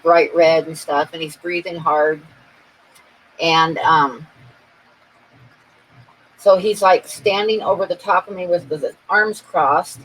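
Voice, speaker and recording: A woman's voice: fairly low pitch, slight background noise, low-quality recording. A woman chatting casually on her live stream with viewers, telling a story in a chatty, amused way and laughing along at it. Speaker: art channel host chatting with viewers.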